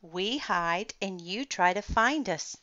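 A woman's voice: medium pitch, animated, takes it slowly, bright, forceful tone, dry recording, dull audio. A woman voicing a young boy from a children's storybook, sounding earnest and a little wistful.

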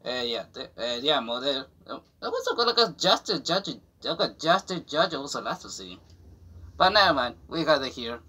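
A young man vlogging in halting, broken English as he shows off a new jacket, rambling with fillers, restarts and giggles. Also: medium pitch, big pitch swings, bright, forceful tone, husky. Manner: non-native English with broken grammar. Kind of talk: casual unboxing chat to camera.

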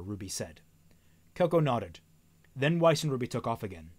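Man reading a novel aloud, animated, stumbles and self-corrects, wry comments. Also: medium pitch, moderate pace, breathy edge.

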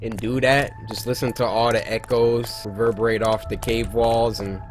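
A man giving lively let's play commentary, joking and shouting as he plays a horror game. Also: mid-range voice, normal speed, over music. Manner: animated, yelps and jokes while playing. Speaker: gaming video host.

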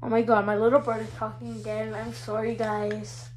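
Hyper, giggly high-voiced female vlogger. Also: completely flat delivery, normal speed, slight background noise, low-quality recording. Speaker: toy collector vlogger. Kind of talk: casual show-and-tell vlog.

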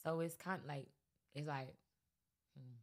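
A woman's voice: low voice, measured pace. A woman guest on a podcast, talking casually and rambling with lots of fillers. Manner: relaxed, rambling with many fillers. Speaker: guest rapper. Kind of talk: casual interview chat.

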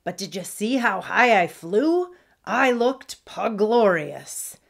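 A woman's voice: mid-range voice, sing-song, unhurried, pitched above the performer's own voice. A woman voicing a fancy, prissy female pug pirate who shows off and sounds pleased with herself. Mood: showy.

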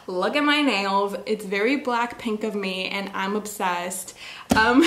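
Casting: young woman, book vlogger, bubbly rambling chat, mid-range pitch, roomy echo. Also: fairly bright tone. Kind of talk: casual chatty vlog. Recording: echoey room.

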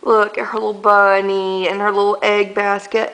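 A woman's voice: medium pitch, little pitch movement, moderate pace, few pauses, a bit bright. A young woman rambling casually to the camera in a daily home vlog, with lots of ums and likes. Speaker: vlogger. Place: indoors at home, walking between rooms. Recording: echoey room, faint background noise.

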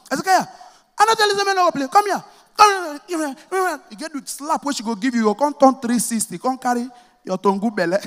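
A man with a Nigerian Pidgin accent doing stand-up comedy, telling stories with animated, shouted cries. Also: sits high, big-room sound.

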